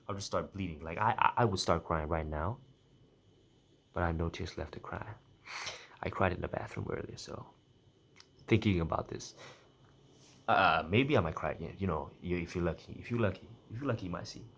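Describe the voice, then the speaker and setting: This young adult vlogger's voice is low-pitched, slightly rough and a little bright. He delivers a rambling personal monologue, half-joking and correcting himself as he goes.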